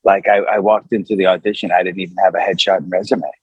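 Husky-voiced man telling a story. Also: low voice, fast, no echo, narrow, tinny audio. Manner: animated, with many fillers and acted quotes. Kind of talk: conversational anecdote.

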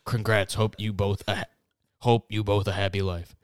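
Young man, podcast co-host, casual chat, sarcastic reading voice, low-pitched, dry close sound. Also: flat delivery, moderate pace, clear, resonant tone, no echo. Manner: laughs often, reads lines in a sarcastic put-on voice.

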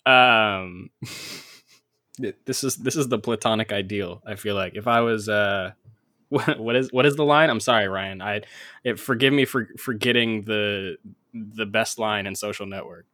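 A man's voice: lowish voice, unhurried, bright, forceful tone, no echo, clean studio sound. A man co-hosting a casual movie podcast, teasing his friends and laughing often. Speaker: podcast co-host. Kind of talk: casual movie-discussion chat.

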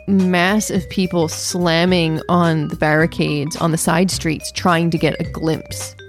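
Lowish-voiced chatty woman podcaster. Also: takes it slowly, soft background music. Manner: chatty, animated storyteller with laughs. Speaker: podcast co-host. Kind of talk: casual chat.

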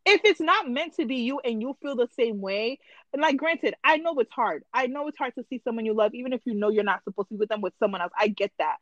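A woman co-hosting a podcast in casual chat, slangy and animated, making long points. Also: fairly high pitch, fast talker, no echo, dull audio. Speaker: podcast co-host.

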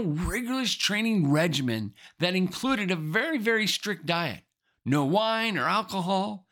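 A man's voice: high voice, sharp tone. A man preaching as a pastor, telling stories and emphatically repeating his key phrases. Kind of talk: sermon.

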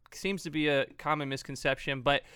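A man's voice: a little high, steady tone, moderate pace, bright, forceful tone, clean tone, no echo, studio quality. A man co-hosting a casual comedy podcast, joking and self-deprecating in his banter. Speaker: podcast co-host.

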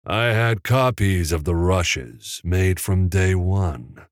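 A man voicing a tall, cunning, cruel older studio man in an audiobook, speaking smoothly with quiet menace. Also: deep voice, slow, dry recording. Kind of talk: audiobook character voice.

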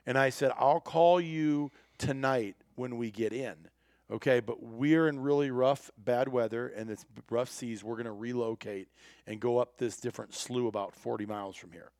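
A man's voice: mid-range voice, moderate pace, dry recording, clean studio sound. A man telling a hunting trip story in casual chat, acting out the people he quotes. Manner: animated storyteller, acts out quoted voices.

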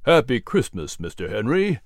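A man voicing a gracious older gentleman in a storybook reading, courtly and unhurried. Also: medium pitch, sing-song, no room sound, clean studio sound, lightly acted.

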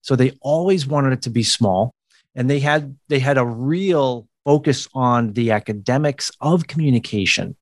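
A man's voice: medium pitch, moderate pace, no echo, clean studio sound. American man explaining speech sounds. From United States. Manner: explanatory, occasional laughs. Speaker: communication coach. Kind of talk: podcast interview.

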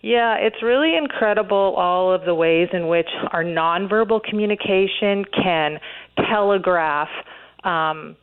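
A woman's voice: mid-range voice, measured pace, clear, resonant tone. A woman being interviewed, talking earnestly with many fillers and restarts. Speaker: interview guest, author. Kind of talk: radio interview, conversational. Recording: phone-line interview audio.

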